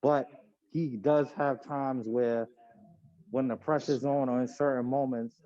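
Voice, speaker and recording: Man, podcast co-host, warm mellow voice, measured casual talk, dull lo-fi sound. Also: fairly even intonation, no room sound. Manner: measured, hedging with "right?" and "you know". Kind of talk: casual sports debate. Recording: dull low-fi home podcast audio.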